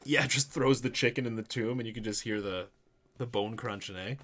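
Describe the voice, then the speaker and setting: A grown man co-hosting a casual movie review chat, animated and laughing, trailing off into low mumbles. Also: fairly quick. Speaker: podcast co-host.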